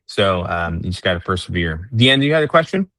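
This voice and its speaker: A man's voice: low-pitched, big pitch swings, fairly quick, bright, forceful tone, no echo. A man coaching real estate agents on a group call, teaching step by step and acting out sample lines to clients.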